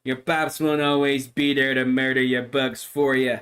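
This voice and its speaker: A man, a streamer, chatting casually on a livestream in an animated, mock-solemn lecturing way. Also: medium pitch, moderate pace. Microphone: microphone.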